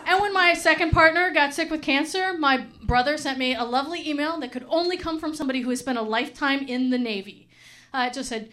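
High-voiced, profane woman comedian. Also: fast talker, pushed and bright. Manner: frank, profane, rambling storytelling. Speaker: stand-up comedian. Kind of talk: stand-up comedy.

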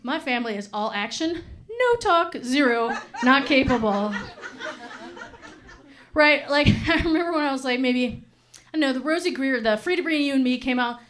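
A woman's voice: high voice, animated, moderate pace, a bit bright. A middle-aged woman doing stand-up comedy, telling stories in a frank, profane, rambling way.

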